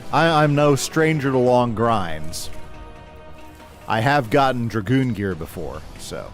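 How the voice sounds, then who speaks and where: Man, gaming streamer, casual and relaxed, animated pitch, answers chat between moves. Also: slow pace, faint music behind. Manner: relaxed, reads chat aloud and replies, talks through his moves. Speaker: gaming livestreamer.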